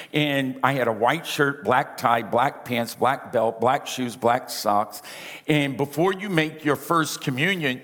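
A man's voice: medium pitch, fairly bright tone. A man from Louisiana preaching a folksy, self-deprecating storytelling sermon, with a big carrying voice and talk from the side of his mouth. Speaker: pastor. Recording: reverberant hall.

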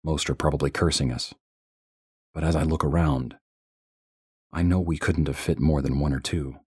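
A man with an extremely low, husky voice reads a first-person horror story in a tense, measured way. The recording is dry and close, with no room sound. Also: fairly even intonation, a little mellow, no echo. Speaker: narrator.

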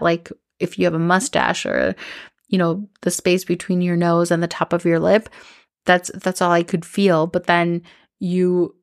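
A young woman hosting a podcast tells a personal story candidly and rambles, using "like" a lot and often restarting. Her voice sits on the low side, captured in a dry, studio-quality recording.

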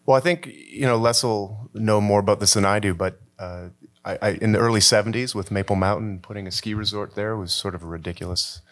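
Man, very deep voice, quick, easygoing casual chat. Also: a bit bright. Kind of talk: casual conversation.

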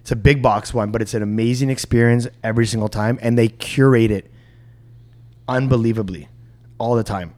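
A man's voice: mid-range voice, steady tone, fairly quick, darkish tone. A man who runs restaurants, a podcast guest chatting casually and enthusiastically with many fillers. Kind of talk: casual chat.

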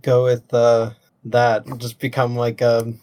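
A man playing in a tabletop role-play, talking in a jokey, stumbling way with plenty of fillers. His voice sits at a middling pitch. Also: monotone, slow, a little mellow, smooth. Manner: jokey, stammering. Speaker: player.

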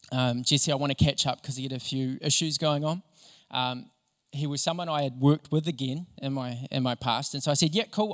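Male pastor, lively storyteller, slightly high voice, big reverberant hall. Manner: animated, enthusiastic storyteller. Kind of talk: sermon with storytelling.

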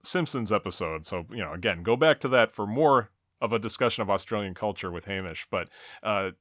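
A man's voice: on the low side, animated, brisk, fairly bright tone, dry recording. A man hosting a podcast, recapping an episode step by step with dry jokes. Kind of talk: episode recap and casual chat.

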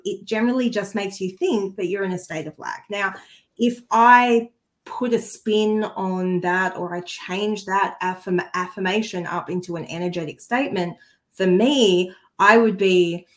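A woman's voice: medium pitch, normal speed. A woman who works as a spiritual healer, chatting earnestly and with feeling on a podcast, often restarting her sentences. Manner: earnest and heartfelt, easily moved; chatty, with frequent restarts and asides. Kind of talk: casual conversational chat.

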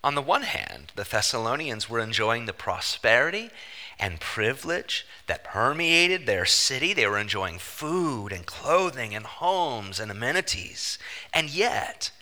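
A man preaching a sermon as pastor, emphatic and animated, with joking asides. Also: medium pitch, a little slow. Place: church sanctuary. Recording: long church-hall reverb.

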